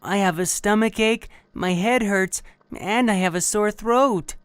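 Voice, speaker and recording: A woman's voice: mid-range voice, unhurried, clear, resonant tone, no room sound. A woman reading a child's lines in a scripted practice dialogue, plain and careful.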